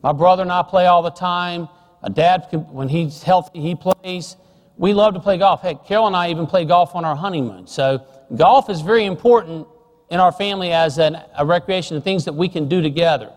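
A middle-aged man preaching a sermon, telling a family story and dropping soft and slow on serious points. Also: high-pitched, long reverb tail.

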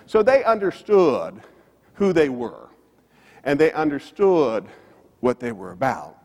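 A man's voice: medium pitch, sing-song, slow pace, long pauses, darkish tone. A man preaching a sermon. He tells a story and swings his voice up and down for emphasis. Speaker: pastor. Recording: long reverb of a church hall.

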